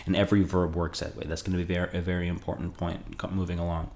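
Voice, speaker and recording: A man's voice: deep voice, level tone, fast, darkish tone. A man from the United States teaching beginner Spanish in a loose, talky way, often checking in with the listener. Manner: loose and talky, restarts and frequent "okay?". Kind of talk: casual spoken lesson.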